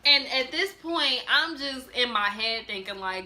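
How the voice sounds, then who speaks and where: A young woman telling a personal story in a casual vlog, animated and emphatic, often repeating and restarting her words. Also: high-pitched, unhurried. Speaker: vlogger.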